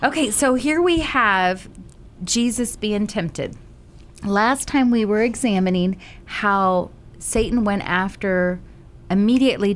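A woman leading a group Bible study, telling stories with lively energy and asking probing questions. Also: mid-range voice.

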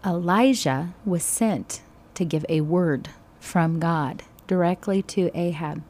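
A woman teaching a Bible study, retelling scripture in conversation with sudden animated bursts. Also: lowish voice, takes it slowly.

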